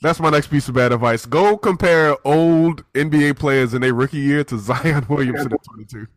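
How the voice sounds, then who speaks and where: A man's voice: fairly high pitch, moderate pace, no echo. A man co-hosting a podcast in casual chat, playful and teasing, often laughing. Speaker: podcast co-host.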